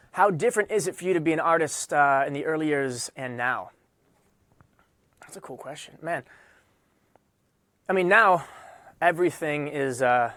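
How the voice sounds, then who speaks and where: A man's voice: fairly high pitch, fairly bright tone, no room sound. Chatty man between songs. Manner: loose and chatty, lots of fillers and restarts. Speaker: singer-songwriter hosting a livestream. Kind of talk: casual chat between songs. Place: indoor room under hot lights.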